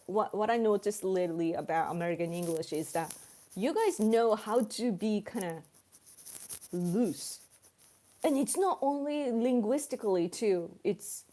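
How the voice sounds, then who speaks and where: A woman's voice: medium pitch, dark tone. A Japanese woman with a Japanese accent, hosting a casual livestream in English and chatting with viewers, laughing often as she acts out examples. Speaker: livestream host reading chat. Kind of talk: casual chat.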